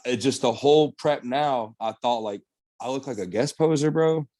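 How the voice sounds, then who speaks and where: A man's voice: medium pitch, moderate pace, no room sound. A young man, a bodybuilder guest on a podcast, telling stories casually and animatedly with lots of slang and swearing. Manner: animated storytelling, slangy, swears, says "bro" and "man" a lot. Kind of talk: casual storytelling interview.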